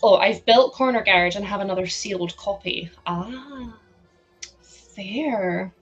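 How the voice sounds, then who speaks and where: Talking slowly into a headset at home, a young livestream host with a sore throat builds while chatting and giggling, answering chat out loud. Her medium-pitched voice is slightly rough, the recording muffled with faint background music.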